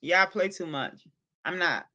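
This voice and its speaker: A woman's voice: lowish voice, lively intonation, unhurried, sharp tone, highs cut off. A woman hosting a casual livestream, talking straight to her chat and scolding viewers in exasperated bursts, with features in her speech. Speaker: livestream host.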